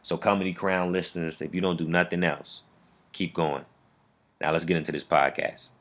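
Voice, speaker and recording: Brief: laid-back male podcast host, lower voice, slangy, does squeaky impressions. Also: fairly even intonation, moderate pace, fairly bright tone. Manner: laid-back slangy talk, bursts into high laughing impressions. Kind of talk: casual interview chat.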